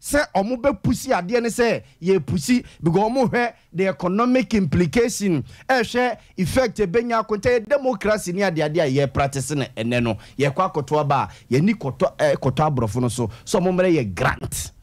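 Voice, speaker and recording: A Ghanaian man on a radio panel, explaining his points with steady analysis. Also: sits high, brisk, few pauses. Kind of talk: radio discussion.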